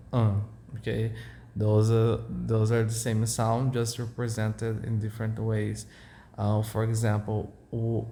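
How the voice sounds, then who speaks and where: A Portuguese-speaking man with a Brazilian accent, informally explaining his language's vowels to a learner in halting English with many fillers. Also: on the low side, mellow, slight background noise. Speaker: language tutor.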